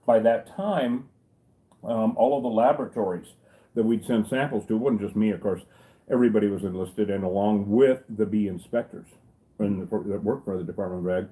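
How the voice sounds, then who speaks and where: A man's voice: fairly low pitch, brisk, mellow, low-quality recording. Rambling, jokey middle-aged beekeeper man. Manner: rambling, jokey, salty asides. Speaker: beekeeper and channel host. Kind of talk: casual storytelling chat.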